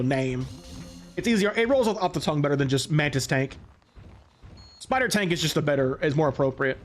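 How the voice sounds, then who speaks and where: Rambling young man gaming. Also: sits high. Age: late 20s. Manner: rambling and chatty, self-correcting. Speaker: let's play gamer. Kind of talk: casual gameplay commentary.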